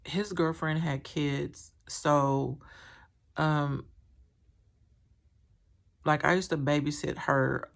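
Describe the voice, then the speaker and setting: Candid woman with a gravelly voice. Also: sits low, steady tone, very slow, pauses often. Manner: candid, rambling, many fillers. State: emotional, recounting trauma. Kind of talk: personal storytelling vlog.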